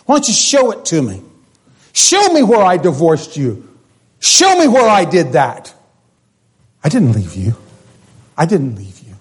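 A man's voice: fairly high pitch, wildly swooping pitch, a little slow, pauses often, husky, heavily acted. A man voicing God as an indignant male deity who rebukes his people with emphatic rhetorical questions. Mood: pleading.

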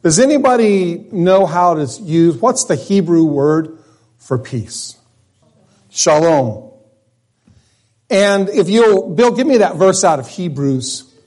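A man's voice: sits high, lively intonation, slow, pauses often, a little mellow. A man preaching a sermon in a church, leading a prayer and then teaching in a conversational way, restarting phrases and putting questions to the congregation. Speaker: pastor. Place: church sanctuary.

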